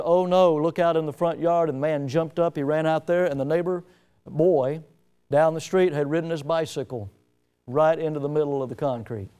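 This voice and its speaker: A man preaching a sermon in a high, clear voice. He hammers his points with loud bursts, then drops to a near hush. His tone stays smooth and resonant throughout. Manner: emphatic, swings between loud declarations and quiet drops.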